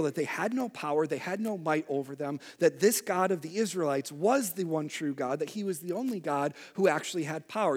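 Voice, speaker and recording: Animated young male preacher. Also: a little high, slightly rough. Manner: conversational, animated with acted-out outbursts. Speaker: pastor. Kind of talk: sermon.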